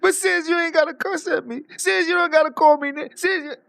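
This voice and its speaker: A man mimicking a tearful grown man who whines and pleads to stop being yelled at. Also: very high voice, fairly even intonation, brisk, creaky, voice pushed up, heavily acted. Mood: whiny pleading. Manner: pleading, whiny.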